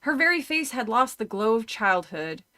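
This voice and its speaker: A woman's voice: a little high, very animated, moderate pace, bright, forceful tone. A woman streamer reading a horror novel aloud, often breaking off to chat, laugh and swear casually. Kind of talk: casual read-through with chat.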